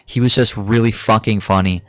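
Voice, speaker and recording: A man's voice: on the low side, steady tone, brisk, a bit bright, dry recording, studio quality. A young adult man giving a casual, rambling gaming commentary, swearing freely and filling his talk with ums and uhs. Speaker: gaming YouTuber.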